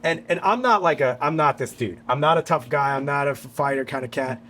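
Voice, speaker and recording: A man from New York, a guest musician, telling a story on a podcast in a casual, animated, profane way. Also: on the high side, fairly quick, slight background noise. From New York, USA. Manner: animated, profane, acts out quotes.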